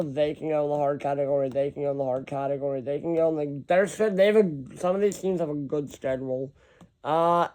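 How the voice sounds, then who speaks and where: A man with a fairly high voice thinks aloud in a loose, rambling way, reeling off lists and stopping now and then to correct himself. It sounds like a casual, unscripted chat to viewers. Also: darkish tone. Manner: rambling, self-correcting, reading off lists of teams. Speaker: hockey vlogger.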